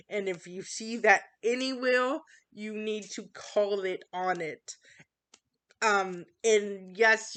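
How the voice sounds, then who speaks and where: A woman speaking slowly and earnestly in a casual monologue, often pausing on fillers and restarting her sentences. Her voice is bright and smooth. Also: medium pitch. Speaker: channel host.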